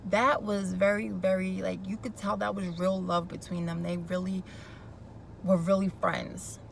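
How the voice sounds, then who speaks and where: A woman's voice: medium pitch, little pitch movement, measured pace, vocal fry, a little hiss or hum, poor audio. A young woman casually recapping a TV episode, gossipy and opinionated, with chatty asides. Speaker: YouTube recap vlogger.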